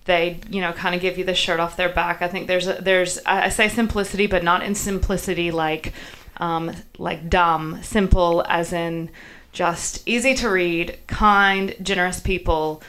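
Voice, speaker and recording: A woman's voice: fairly low pitch, fairly even intonation, normal speed, fairly bright tone. A woman in her thirties from the Southern United States, with a faint Southern accent, chatting as a guest in an interview, with many fillers and restarts. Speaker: guest journalist. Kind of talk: casual interview chat.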